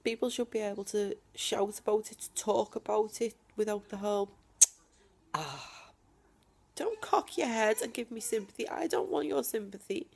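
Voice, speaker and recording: A woman talking straight to camera from home in a personal video diary, emphatic and defiant, with deliberate pauses. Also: medium pitch, vocal fry, darkish tone. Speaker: vlogger.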